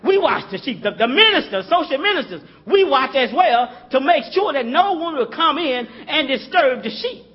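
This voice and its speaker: A man's voice: very high-pitched, big pitch swings, moderate pace, few pauses, highs cut off. A man preaching a sermon in a conversational style, calling out to the congregation and chuckling as he talks.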